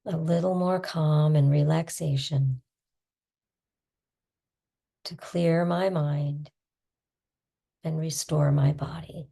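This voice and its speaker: A woman stress coach leading a guided tapping session, soft-spoken and soothing, calling out tapping points between gentle affirmations. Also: low voice, slow, long pauses. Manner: soft-spoken, calm and soothing, breathy sighs.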